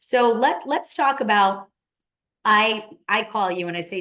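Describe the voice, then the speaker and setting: An emphatic woman hosts a casual interview at a middle pitch. She talks with open enthusiasm, and she leans hard on her key points. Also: expressive, a little slow, bright, forceful tone. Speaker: interview host.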